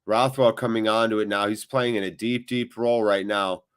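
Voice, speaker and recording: A man hosting a live football watchalong, commentating on the match and chatting with viewers, with loud reactions to big moments. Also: on the low side, fairly even intonation, moderate pace, smooth. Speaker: watchalong host.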